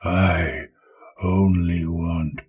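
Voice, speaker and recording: A man voicing a menacing warlord in a low, slow, growling voice. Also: fairly even intonation, a little mellow, husky, full character voice.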